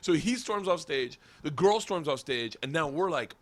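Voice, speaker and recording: A man hosting a podcast, telling a wild story in a casual chat, laughing often and shouting the quoted lines. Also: a little high, animated, moderate pace. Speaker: podcast host.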